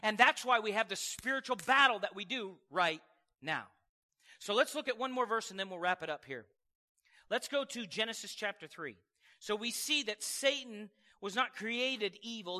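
A man's voice: high-pitched, pushed and bright, big-room sound. A man preaching a sermon, reading scripture and talking it through in a conversational, emphatic way, often checking in with his listeners. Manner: conversational, emphatic preaching with frequent call-outs to the congregation.

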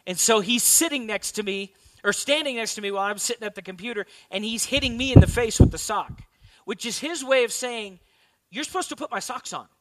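A man's voice: sits high, fairly quick, slight background noise. A man in his thirties giving a conversational sermon as a pastor, often asking his listeners questions. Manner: conversational, asks the audience questions.

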